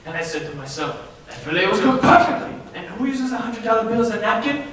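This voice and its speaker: A man's voice: high-pitched, animated, moderate pace, a bit bright. A teenage boy acting on a school stage as a scheming chef who puts on a fake French accent in a comedy. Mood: grandiose. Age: teens. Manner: theatrical, jumpy, faux-French. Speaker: student actor. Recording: echoey auditorium from far off.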